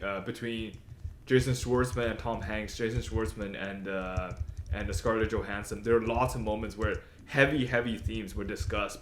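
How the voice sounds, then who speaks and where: A man's voice: lowish voice, a little hiss or hum. A man co-hosting a casual film review podcast, rambling and leaning heavily on "like" as he talks. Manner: rambling, heavy on "like" fillers. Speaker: podcast co-host. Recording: echoey room.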